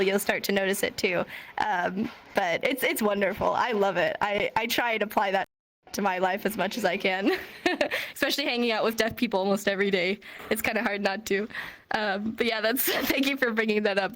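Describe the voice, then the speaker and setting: A woman's voice: medium pitch, fairly bright tone. A young woman casually teaching a sign language class online, chatty with many fillers and frequent laughs.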